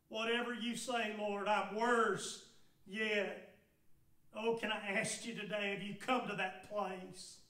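A man with a Southern US accent preaching a sermon as pastor, building to fervent shouted peaks, recorded in a church sanctuary from a distance. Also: high voice, steady tone, unhurried. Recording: echoey church from far off.

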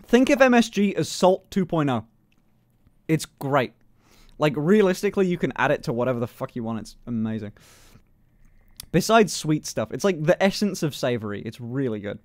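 Lively, playful young male streamer. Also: mid-range voice, normal speed, pauses often, no room sound. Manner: swears freely, laughs a lot, playful voice experiments. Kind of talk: casual live-stream chat.

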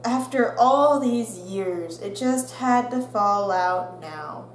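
A young adult woman vlogger telling a story, animated and laughing, acting out the quotes. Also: medium pitch, takes it slowly. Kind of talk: storytime vlog. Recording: roomy echo with faint hum.

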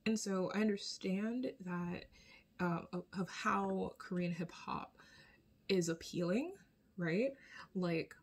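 A woman delivers casual commentary in a somewhat low voice. She keeps it conversational and blunt, with the odd swear, and often pauses to check in with a questioning tag. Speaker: video commentator.

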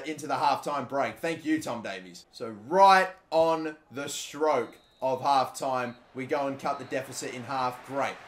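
A young man giving live video game commentary, excitable and foul-mouthed, swinging between loud outbursts and low grumbling. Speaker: gaming YouTuber.

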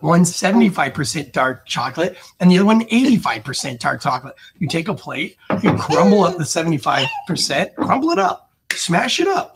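Husky, lively man talking wine. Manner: animated, swearing, acts out guests in a high voice. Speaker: wine guest. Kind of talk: casual podcast chat.

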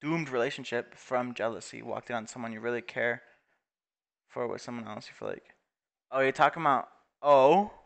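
A man's voice: medium pitch, moderate pace, creaky, fairly bright tone. A young man giving casual, profane commentary on a life-simulation game, laughing often and putting on mocking voices. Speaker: gaming video creator.

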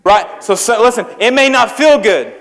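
Young man, youth pastor, high-pitched, conversational sermon, reverberant church hall. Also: expressive, normal speed, a bit bright. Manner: conversational, humorous, asks the crowd questions. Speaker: youth preacher. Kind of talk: sermon to students. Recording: echoey hall with long reverb.

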